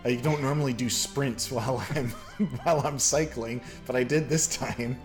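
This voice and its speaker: A man's voice: mid-range voice, moderate pace, soft background music. A man from Canada hosting a casual chat, rambling through a story with lots of fillers. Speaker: podcast host.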